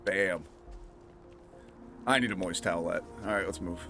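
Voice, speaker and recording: A man with a nasal voice streaming a game, chatting casually with excitable, profane rambling. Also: deep voice, normal speed, over music. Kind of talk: casual let's-play commentary.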